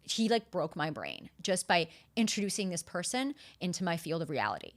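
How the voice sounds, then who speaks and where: Animated woman telling a story. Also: fairly low pitch, normal speed. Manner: animated, expressive retelling with frequent fillers; casual, uses profanity. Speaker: podcast host. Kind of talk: solo podcast storytelling.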